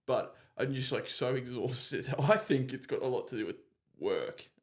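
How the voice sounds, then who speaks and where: A man hosting a podcast, talking reflectively and often pausing to search for words. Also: mid-range voice, animated. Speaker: podcast host. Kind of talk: casual conversation.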